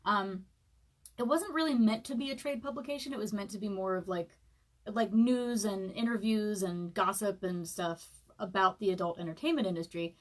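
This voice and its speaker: A woman's voice: mid-range voice, moderate pace. Woman in her thirties, hungover author chatting loosely on a live stream before reading her chapter; fillers, laughs, self-mocking. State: hungover, eating saltines and sipping broth. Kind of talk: casual live-stream chat and book reading.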